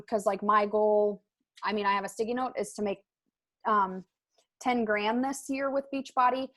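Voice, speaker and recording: A woman's voice: a little high, a bit bright. Chatty young woman leading a team call. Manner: chatty, lots of "like" and "um". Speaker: team call host and coach. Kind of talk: casual motivational talk.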